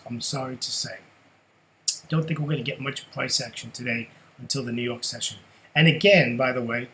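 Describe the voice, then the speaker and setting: A middle-aged man giving a casual trading lesson over his charts, chatty and quick to ask rhetorical questions, tagging "right?" onto his points. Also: medium pitch, rough recording. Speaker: forex trading educator.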